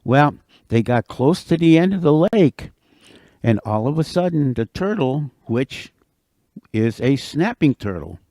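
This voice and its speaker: A man tells a folktale aloud with animated, expressive phrasing. His pitch rises and falls widely as he builds the story. The sound is dry and close, with no room echo. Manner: animated, expressive, repeats for effect. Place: senior center.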